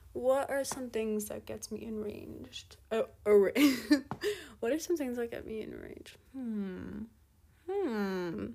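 A teenage girl with a somewhat high voice, ranting in a casual solo monologue. She sounds exasperated and fires off rhetorical questions with plenty of swearing. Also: creaky, darkish tone, a little hiss or hum. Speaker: podcast host.

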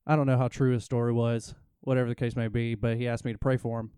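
Mellow-voiced man telling a rambling story. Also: medium pitch, level tone, quick pace, smooth, no room sound, clean studio sound. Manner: rambling, self-interrupting storyteller. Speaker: podcast co-host. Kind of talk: casual storytelling chat.

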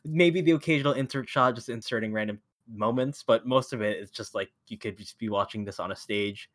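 A man's voice: mid-range voice, a little fast, fairly bright tone. A man co-hosting a casual podcast over a call, bluntly critical and laughing often as he talks. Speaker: podcast co-host. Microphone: remote call mic.

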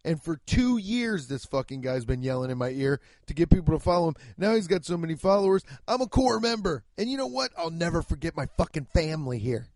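A man's voice: a little high, very animated, brisk, few pauses, darkish tone, dry recording, studio quality. A man hosting a solo comedy podcast, ranting and rambling with heavy profanity. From United States. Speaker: podcast host.

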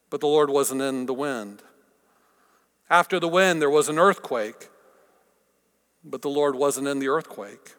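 Man preaching with wide loud-to-whisper swings. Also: fairly high pitch, clean tone. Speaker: pastor. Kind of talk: sermon. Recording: long reverb of a large hall.

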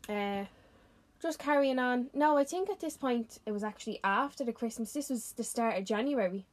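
A woman with a Dublin accent co-hosts a casual chat with a slightly high voice. She is crude and chatty and laughs often. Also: expressive, normal speed. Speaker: podcast co-host.

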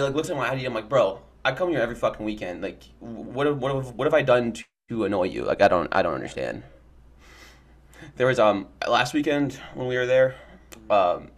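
A young man with a mid-range voice trades stories on a casual podcast. He is laid-back and swears freely, often laughing through his anecdotes. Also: medium pitch. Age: young adult. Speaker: podcast co-host. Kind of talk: casual chat.

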